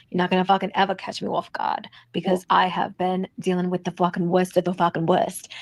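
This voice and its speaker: A woman's voice: on the low side, vocal fry, no echo. A woman voicing a tough-talking, confrontational woman in an amateur skit, threatening and swearing.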